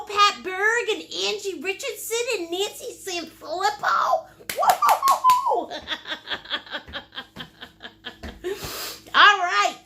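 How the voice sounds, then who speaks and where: Play a very high-voiced bubbly woman painting host. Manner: bubbly, silly, greets viewers by name; playful and teasing. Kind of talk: live online paint-along class.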